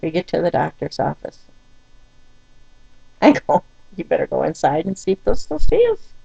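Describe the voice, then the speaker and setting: A woman's voice: low voice, sing-song, normal speed, gravelly, warm tone, husky, no room sound. An older woman vlogging from a doctor's waiting room, telling an exasperated, wry story to her camera. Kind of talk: venting personal story to camera. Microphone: phone or camera recording herself. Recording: dull, lo-fi and dry.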